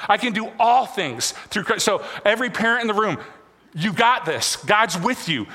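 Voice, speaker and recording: High, bright-voiced male preacher in a hall. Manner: repetitive, rhythmic preaching with sudden soft drops. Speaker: pastor. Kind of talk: sermon. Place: church sanctuary. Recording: long reverb of a large hall.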